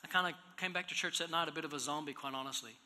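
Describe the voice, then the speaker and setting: A man preaching in a church, telling a personal story, moving from hushed, low passages to loud, raised exhortation. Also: racing. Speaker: pastor. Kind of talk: storytelling sermon. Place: church hall. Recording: echoey hall reverb.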